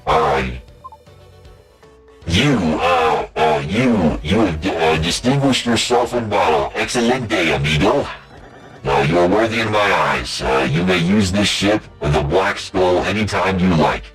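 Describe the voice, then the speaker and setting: A man voicing a proud pirate captain, speaking in a slow, halting, grand way in a fan dub of a game. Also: sits low, expressive, fairly bright tone, soft background music, voice pushed down. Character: deep-voiced proud male pirate captain.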